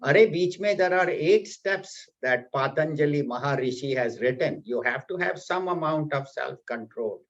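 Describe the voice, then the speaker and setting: A man giving a spiritual discourse, telling a story in an animated, explanatory way. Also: fairly high pitch, normal speed, hardly any pauses. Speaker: spiritual teacher. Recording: slightly dull, lo-fi audio.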